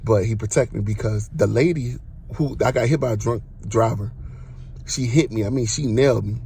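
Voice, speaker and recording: A man hosting a podcast, telling a personal testimony in a casual, animated way, full of slang and acted-out exclamations. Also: fairly low pitch, moderate pace, a little hiss or hum. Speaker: podcast host.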